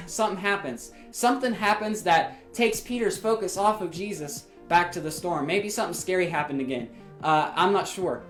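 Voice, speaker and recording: A woman leading a children's ministry, retelling a Bible story to kids in an animated storytelling manner. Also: medium pitch. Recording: roomy with faint music.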